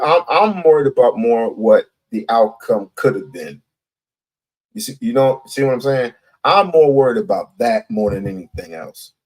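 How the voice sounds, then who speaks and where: A man's voice: on the low side, a little mellow, rough recording. A man giving a heated commentary rant, blunt and profane, repeating himself for emphasis.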